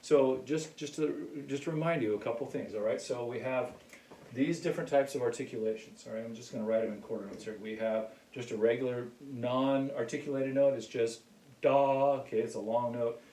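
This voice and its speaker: A man teaching a casual music lesson in a relaxed way, often checking in with "okay?". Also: mid-range voice, brisk. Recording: echoey room, mic far off.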